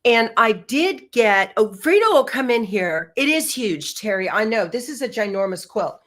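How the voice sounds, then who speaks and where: A middle-aged woman hosts a quilting livestream, her voice a little high and sing-song, somewhat bright, at a moderate pace. She keeps the casual chat bubbly and chatty, tossing in "y'all" as she goes.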